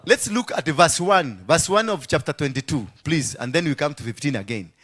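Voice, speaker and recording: Animated Kenyan preacher with a bright voice. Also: male voice, fairly high pitch, normal speed. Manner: animated preacher acting out voices, swinging from hushed to shouting. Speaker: pastor. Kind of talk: sermon.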